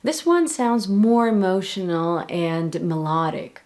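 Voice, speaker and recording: A woman with a Russian accent, a native Russian speaker, teaching the language to viewers slowly and clearly, with playful spoken examples. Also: mid-range voice, expressive, a little mellow. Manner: slow, clear, playful demonstrations. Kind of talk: explaining to viewers.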